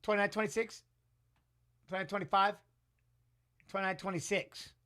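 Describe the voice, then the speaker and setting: A man's voice: sits high, fairly even intonation, moderate pace, sharp tone. A middle-aged man giving casual live fight commentary in a rambling, emotional, salty way. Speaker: watch-along commentator.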